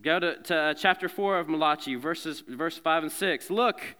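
A man's voice: fairly high pitch, normal speed, bright, forceful tone, clear, resonant tone. A man preaching a sermon to a congregation in a conversational way, with joking asides between scripture readings. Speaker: pastor. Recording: long hall reverb.

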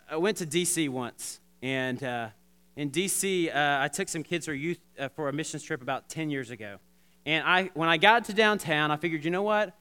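A man preaching a sermon, talking straight to the congregation with lots of restarts and animated asides. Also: fairly high pitch, clear, resonant tone. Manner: animated, repetitive restarts, addresses congregation directly. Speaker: pastor.

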